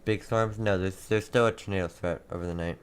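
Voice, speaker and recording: A young man hosting live storm coverage, reading out town after town and answering chat, halting and repeating himself. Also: low-pitched, steady tone, clear, resonant tone. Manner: rapid town-by-town updates, halting and repetitive. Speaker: livestream weather host.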